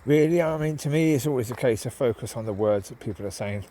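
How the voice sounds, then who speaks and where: Out in the woods with his dogs, a nasal-voiced man chats in a loose, rambling monologue full of ums, occasionally shouting to the dogs. His voice sits in the mid range, with a dark tone, and he talks fast.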